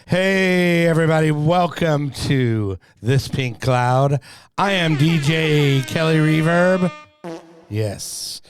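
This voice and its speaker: A man's voice: a little high, slow, clean tone, no room sound. A man hosting a casual recovery podcast, joking and laughing often. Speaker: podcast host.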